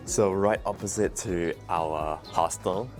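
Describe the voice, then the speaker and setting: A man in his thirties chatting casually while walking outdoors as a travel vlogger, relaxed and explanatory. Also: deep voice, slow pace, over music. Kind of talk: casual vlog narration. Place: outdoors in town streets.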